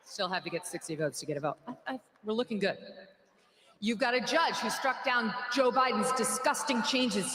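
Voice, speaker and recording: A woman's voice: mid-range voice, expressive, moderate pace, fairly bright tone. A woman giving a sarcastic, mocking political rally speech in a large hall. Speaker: rally speaker. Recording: echoey hall, faint background noise.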